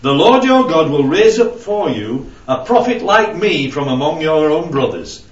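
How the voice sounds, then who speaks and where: A man with a fairly high voice that rises and falls a lot leads a casual Bible study. He keeps checking in with his listeners as he explains. He sounds distant and echoey on a dull, lo-fi recording. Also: big pitch swings, measured pace. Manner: conversational, keeps checking in with "right?" and "yeah?". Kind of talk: informal Bible study teaching. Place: room with a small group.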